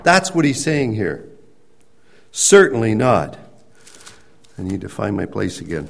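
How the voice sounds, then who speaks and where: A man preaching a sermon, explaining scripture in a conversational way and rising to emphatic, near-shouted points. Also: on the low side, very animated, a little slow, creaky. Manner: conversational with restarts and everyday examples. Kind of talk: sermon teaching.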